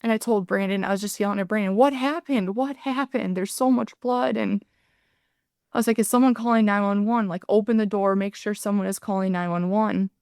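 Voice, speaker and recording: A woman in her thirties speaks as a podcast guest in an earnest, halting way, often slipping into her own past words. Her voice is smooth and clean at a middle pitch. It sits dry and close to the mic. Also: fairly even intonation, darkish tone, no echo. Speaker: guest, ER nurse and paramedic. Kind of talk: podcast interview, personal account.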